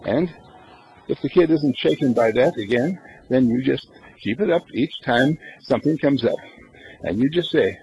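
A man's voice: mid-range voice, expressive, moderate pace, a little mellow, muffled recording. A man giving an inspirational spiritual talk, who asks rhetorical questions and answers them himself. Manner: acts out little scenes in everyday voices. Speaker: spiritual lecturer.

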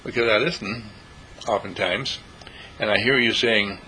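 Deep-voiced preachy man, bright and forceful. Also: moderate pace, pauses often, a little hiss or hum, poor audio. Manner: preachy, rhetorical questions, voices imagined listeners. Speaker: radio talk host and dean of a healing school. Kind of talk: spiritual talk monologue.

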